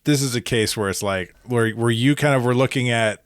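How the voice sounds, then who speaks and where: A man co-hosting a casual podcast, talking haltingly, often trailing off and restarting. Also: mid-range voice, clear, resonant tone, no room sound. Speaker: podcast co-host. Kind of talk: casual chat.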